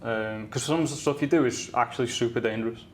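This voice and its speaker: A man's voice: medium pitch, quick pace. A man hosting a casual interview, speaking in a matter-of-fact way. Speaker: podcast host.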